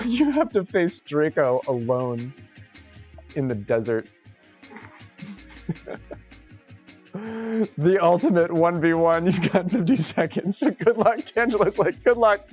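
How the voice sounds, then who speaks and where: A man streaming an online golf game live, commenting excitedly, laughing often, swearing and scolding himself over his shots. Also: a little high. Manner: excitable, swearing, quick to laugh and self-critical.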